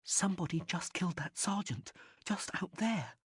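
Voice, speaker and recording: A man reading an audiobook, voicing a young noble girl who is anxious and bossy, in urgent hushed tones. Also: sits high, lively intonation, moderate pace, breathy edge, no echo, clean studio sound, pitched above the performer's own voice, heavily acted.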